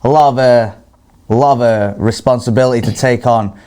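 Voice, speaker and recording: A man, telling stories as a podcast guest in a casual, animated way, swearing and laughing often. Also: medium pitch, fairly quick, smooth.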